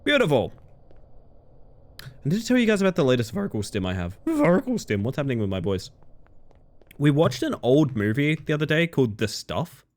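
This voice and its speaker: A man streams a game and chats with his viewers in a rambling, easygoing way. His voice sits a little high for a man and swings up and down a lot, and he laughs easily between thoughts. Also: very animated, brisk, pauses often. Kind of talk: casual gaming-stream chat.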